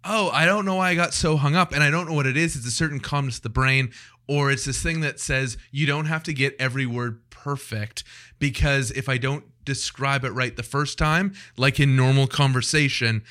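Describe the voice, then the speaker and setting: A man's voice: mid-range voice, fairly even intonation, moderate pace, pushed and bright. A man hosting a podcast in a casual chat, making joking asides and talking things through at length. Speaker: podcast host.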